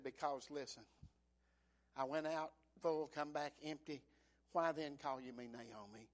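A middle-aged male pastor preaching a sermon, swinging from hushed whispers to loud, dramatic peaks. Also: on the high side.

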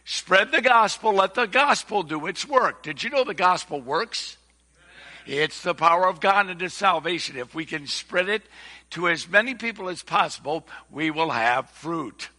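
A man's voice: a little high, bright, forceful tone. An older man preaching a sermon in a church, folksy and earnest, with rising emphasis. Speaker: visiting preacher. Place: church sanctuary. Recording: echoey hall with long reverb.

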